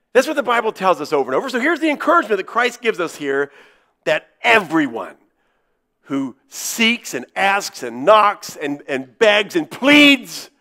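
A male pastor preaching a sermon in a church, stressing key words by slowing down and repeating them. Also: sits high, a bit bright.

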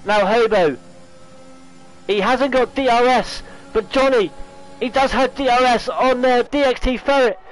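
A man commentating a sim racing league, excitable, correcting himself often, and losing his voice. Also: very high-pitched, faint music behind, rough recording. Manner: excitable, talks fast with restarts and self-corrections. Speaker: race commentator.

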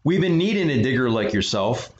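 A man voicing a loud, blustering male pirate captain with a hearty, booming manner. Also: very animated, brisk, roomy sound, lightly acted. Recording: dull lo-fi recording.

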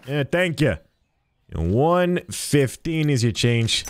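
A man's voice: on the high side, sing-song, moderate pace. A young man streaming a game, chatting playfully as he plays a shopkeeper and jokes with customers. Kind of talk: let's-play commentary.

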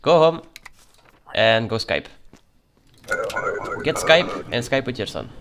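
Very animated yet unhurried, a medium-pitched man comments on his game against a noisy background. As a let's play gamer, he adopts a fake Russian accent to play a severe border guard, brusque and official with the characters.

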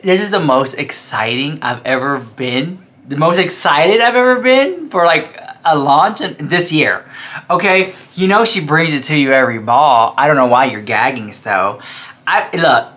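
Sassy male beauty vlogger, excitable and dramatic, bright and punchy. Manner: sassy and dramatic, calls viewers "girl"; gushing, excitable, with sudden pitch jumps. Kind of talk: casual commentary to camera.

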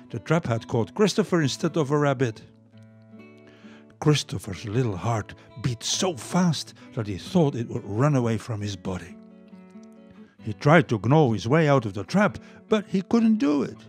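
An older man whose first language is Dutch, reading a children's story aloud to listeners in an expressive way. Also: medium pitch. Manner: lively, expressive, warm read-aloud.

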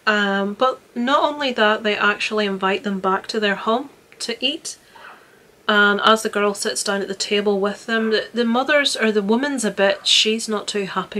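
A woman's voice: mid-range voice, fairly bright tone. A young woman chatting casually about films she watched, earnest and rambling with frequent restarts. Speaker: vlogger reviewing films. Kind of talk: casual film review chat.

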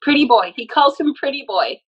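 A woman's voice: high-pitched, expressive, fairly quick, highs cut off. A woman working as a medium, earnestly explaining and relaying messages in casual conversation. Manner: earnest, explanatory, often laughing. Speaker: medium channeling a spirit.

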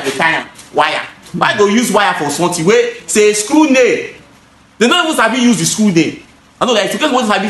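On a reverberant recording, a man with a high, slightly bright voice and a Nigerian accent casually explains the gutters he installs and sells to the camera. He speaks emphatically, repeats phrases, and switches into pidgin.

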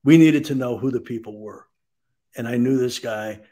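An older man speaking as a guest on a sports radio interview, recounting things in a steady, measured way. His talk is full of "um" and "you know" as he works through his stories, at an ordinary middle pitch. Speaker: baseball executive guest.

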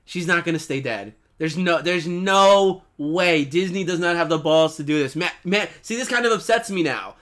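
A man hosting a reaction video, yelling and laughing at a cartoon, then talking it over more calmly. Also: on the high side, normal speed, hardly any pauses. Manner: excitable, shouting and laughing, then calmer musing. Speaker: reaction channel host.

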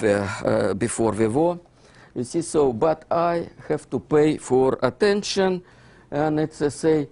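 Halting man. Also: on the high side, creaky. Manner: halting non-native English with frequent fillers and "you see, so"; animated, with bursts of amused laughter. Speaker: lecturer. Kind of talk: illustrated history lecture.

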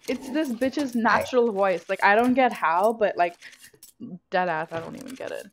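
Over a gaming headset, a young woman streams a shooter game, chatting casually, cursing freely, and shrieking whenever she misses a kill. Her voice is medium-pitched at a moderate pace, with slight background noise.

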